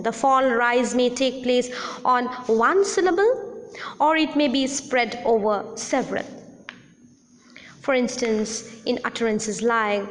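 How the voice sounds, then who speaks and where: Woman teacher, slightly high voice, slow measured lecture delivery, lingering reverb on the recording. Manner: slow, deliberate explanation with spoken examples.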